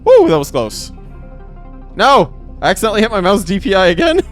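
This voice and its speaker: A man's voice: high-pitched, huge pitch swings, very fast, faint music behind. Playful man streaming a game. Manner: playful, rambling, repeats phrases, talks to chat. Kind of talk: casual live gameplay commentary.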